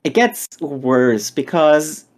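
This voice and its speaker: A podcast co-host recapping a chapter in casual chat, animated and acting out characters in quick voices. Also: medium pitch.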